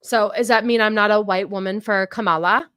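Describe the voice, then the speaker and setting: A woman streamer reacting to clips in casual commentary, sarcastic and ranting, mocking and quick to laugh. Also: medium pitch, fairly even intonation, a bit bright, clear, resonant tone, dry recording, clean studio sound.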